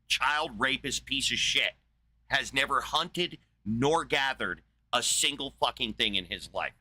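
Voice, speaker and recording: A man's voice: mid-range voice, pushed and bright, poor audio. A man hosting a podcast, ranting angrily as he reacts to a debate, exasperated and swearing heavily. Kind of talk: profane angry rant.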